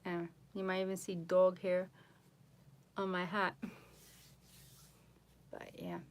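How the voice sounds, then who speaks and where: A woman tarot reader chatting casually on a live stream from home, boastful and animated, mocking others in voices. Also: on the low side, takes it slowly, slight background noise.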